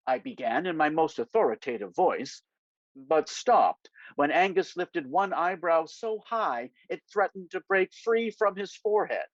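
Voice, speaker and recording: A male author speaking casually and then reading from his own novel, with an animated delivery. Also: fairly high pitch, normal speed, no room sound. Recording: dry, slightly dull lo-fi sound.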